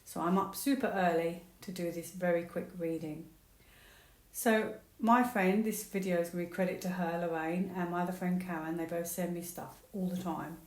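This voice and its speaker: A woman reading tarot cards to camera in a chatty, excitable, conspiratorial way. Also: fairly low pitch, normal speed, echoey room. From United Kingdom. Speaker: tarot reader.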